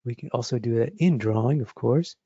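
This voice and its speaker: A man teaching drawing, talking through his sketch step by step as he works, thinking aloud in a relaxed, encouraging way. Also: mid-range voice, fairly quick, breathy edge, dry recording, dull audio. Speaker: drawing instructor. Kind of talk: live drawing demonstration.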